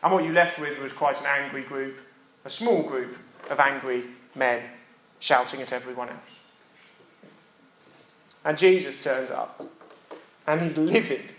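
A man's voice: medium pitch, steady tone, a little slow, long pauses, fairly bright tone, reverberant, slight background noise. A man preaching a sermon in a conversational, emphatic way, building his points through repetition. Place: church.

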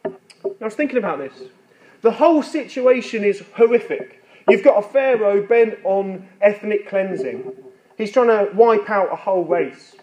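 A man's voice: high-pitched, lively intonation, moderate pace, darkish tone, muffled recording. Earnest man preaching a sermon. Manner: earnest and conversational, with light self-deprecating humor.

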